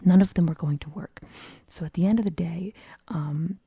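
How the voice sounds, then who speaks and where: A young woman whispers a long late-night story in a husky, breathy voice with a gravelly, creaky edge. Her tone sits low and mellow. The sound is close and dry. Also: normal speed, dry recording. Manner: whispered, rambling with restarts. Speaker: streamer.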